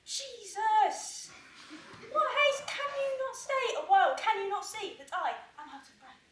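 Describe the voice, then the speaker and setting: A woman's voice: very high-pitched, very animated, measured pace, a bit bright, full character voice. A young woman playing a fussy, breathless older nurse on stage, drawing out her complaints. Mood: grumbling. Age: young adult. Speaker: student actor. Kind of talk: stage acting. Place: theatre stage. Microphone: far camera. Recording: echoey stage, filmed from far off.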